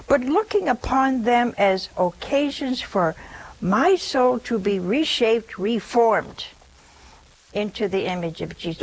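A nun giving a spiritual talk in a conversational, gently teasing way, often checking in with her listeners with rhetorical questions. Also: mid-range voice, low-quality recording.

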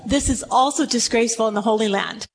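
A woman preaching a sermon to a room, retelling a story with animated, dramatic delivery. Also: a little high, fast talker, a little hiss or hum, poor audio. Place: room with audience.

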